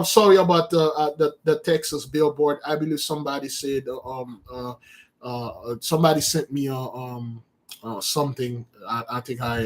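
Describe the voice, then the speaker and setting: Emphatic man preaching on a live stream. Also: mid-range voice. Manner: emphatic and repetitive, with many restarts. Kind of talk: impassioned livestream sermon.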